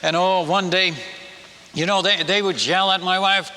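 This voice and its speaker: An older man from the Netherlands, a missionary telling a humorous sermon story, animated and acting out the people in it. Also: high voice, moderate pace, a little hiss or hum. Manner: animated, acts out villagers and his wife in quotes. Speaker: missionary speaker. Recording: long hall reverb.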